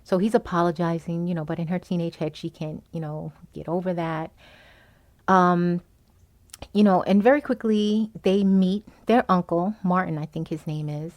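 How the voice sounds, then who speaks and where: A woman's voice: on the low side, fairly even intonation, moderate pace, darkish tone. A woman hosting a podcast, giving a casual, chatty movie recap full of "you know" and "um", acting out the characters' lines as she retells the plot. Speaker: podcast host reviewing a movie.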